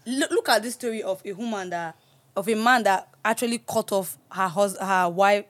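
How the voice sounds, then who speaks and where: A woman hosting a podcast, chatting casually and telling stories with lively laughs. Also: medium pitch, normal speed. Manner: animated storytelling, laughs often. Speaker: podcast host. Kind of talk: casual chat.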